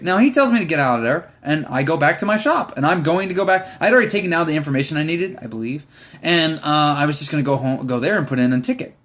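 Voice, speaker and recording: A man's voice: high-pitched, a bit bright. Exasperated, profane ranting man. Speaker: Marine sergeant. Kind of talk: ranting vlog.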